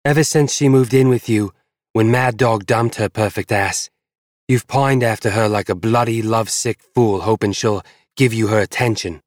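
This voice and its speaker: A man's voice: medium pitch, moderate pace, dry recording, studio quality, pitched above the performer's own voice, lightly acted. A man voicing a hot-tempered petite young woman who spits her words through gritted teeth. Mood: furious.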